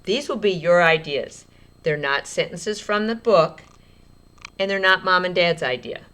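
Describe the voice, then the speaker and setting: A woman teacher giving a slow, clear writing lesson to young children, speaking in an encouraging way. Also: on the low side, expressive, fairly bright tone.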